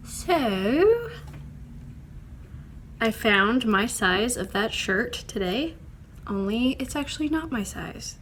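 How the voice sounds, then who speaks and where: A woman's voice: on the high side, big pitch swings, takes it slowly, long pauses, a bit bright, a little hiss or hum. A young woman, chatting casually in a writing vlog, rambling with lots of fillers. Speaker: vlogger.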